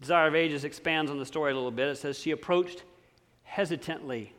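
A man preaching a sermon, slow and emphatic, dropping to near-quiet on key words. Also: on the high side. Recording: long hall reverb.

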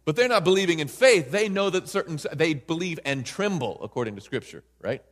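A man's voice: on the high side, lively intonation, brisk, in a large hall. A man preaching a Bible study sermon in an emphatic way, often checking in with listeners by asking "right?".

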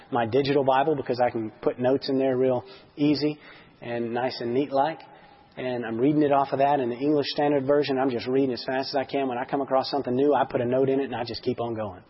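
Husky man teaching a Bible class. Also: medium pitch. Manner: earnest, swelling to excited emphasis. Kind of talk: church Bible lesson. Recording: dull lo-fi sermon recording.

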